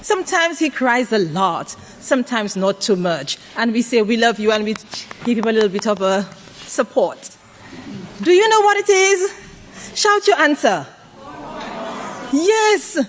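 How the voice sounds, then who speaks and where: High-voiced woman preaching a sermon. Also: lively intonation, measured pace, pauses often, a faint crowd, a little hiss or hum. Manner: call-and-response questions to the congregation; varies pitch widely for emphasis. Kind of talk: sermon to a congregation.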